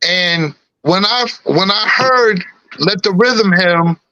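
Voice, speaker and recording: A middle-aged man with a slight lisp, talking in a relaxed, laughing way on a podcast. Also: high voice, slow pace, no room sound, dull audio. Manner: laid-back, laughing, peppered with "you know what I'm saying". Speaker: guest rapper. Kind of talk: casual podcast chat.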